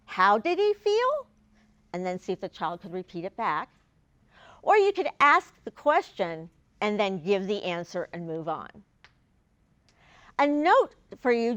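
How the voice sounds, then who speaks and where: A woman presenting a training video for educators, speaking clearly and deliberately and stressing key words. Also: mid-range voice, dry recording. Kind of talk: instructional talk to educators. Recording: dull lo-fi sound, dry.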